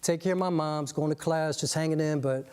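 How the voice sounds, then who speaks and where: A man plays a laid-back young New Yorker, full of fillers as he apologizes. His voice is high and the talk quick and loose. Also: steady tone, darkish tone, a little hiss or hum, lightly acted. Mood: apologetic. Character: easygoing young man, hard-working student.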